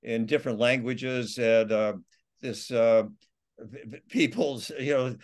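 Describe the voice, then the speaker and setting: A man tells a long personal story as a podcast guest, stumbling over his words and laughing between phrases. His voice sits at an ordinary middle pitch. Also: fairly even intonation. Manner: halting, many restarts and laughs, acts out quotes. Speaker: author and guest. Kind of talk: casual storytelling interview.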